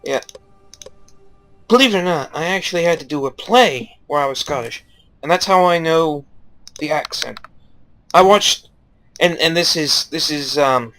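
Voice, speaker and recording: A man's voice: on the high side, bright, forceful tone. A young man giving casual, rambling game commentary, joking and swearing freely. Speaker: gaming YouTuber.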